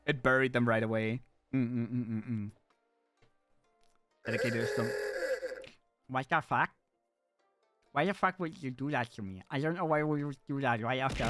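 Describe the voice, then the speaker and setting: A man streaming live in casual chat, playful and animated, jumping from excited squeals to low mutters. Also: no room sound.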